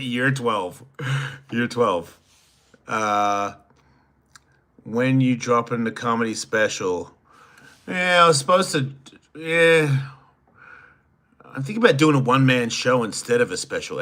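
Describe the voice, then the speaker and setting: Slow, bright-voiced Australian man. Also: mid-range voice. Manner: laid-back, crude, joking, reads viewer comments aloud. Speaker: host reading live chat. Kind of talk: casual livestream chat.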